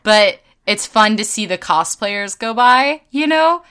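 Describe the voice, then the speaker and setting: Animated young woman, lively swearing storyteller. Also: medium pitch, measured pace, clear, resonant tone. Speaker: podcast host and convention artist. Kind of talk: casual chat.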